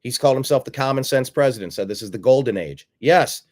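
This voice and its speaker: A man's voice: mid-range voice, lively intonation, quick pace, a little mellow. A man hosting a political commentary show, combative and sarcastic, repeating phrases for emphasis. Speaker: host.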